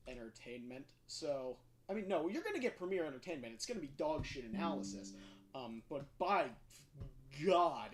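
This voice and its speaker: A man's voice: mid-range voice, a little hiss or hum. A man hosting a casual livestream, rambling and self-deprecating with lots of fillers. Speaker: livestream host.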